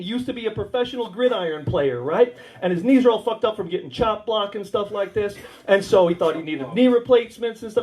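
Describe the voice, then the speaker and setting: A man's voice: high voice, darkish tone, slight background noise. An American man doing a stand-up comedy set in a warehouse, telling crude, rambling stories and teasing the audience. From United States. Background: audience laughter.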